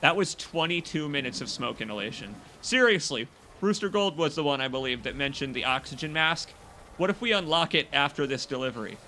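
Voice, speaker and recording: A young man streaming a video game, commenting in a jokey and excitable way as he plays and talks to his chat. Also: a little high, fairly quick, slight background noise. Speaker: gaming streamer. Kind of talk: live gameplay commentary.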